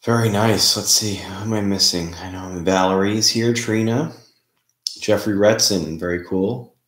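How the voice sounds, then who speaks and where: A man hosting a casual live stream, chatting in a relaxed way and greeting viewers by name. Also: on the low side, measured pace. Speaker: livestream host. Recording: roomy, echoey room sound.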